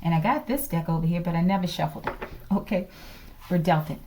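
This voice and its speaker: A woman's voice: lowish voice, a little fast, dark tone, a little hiss or hum. A woman reading tarot in a casual vlog, talking emphatically and often checking in with her listeners. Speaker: tarot reader.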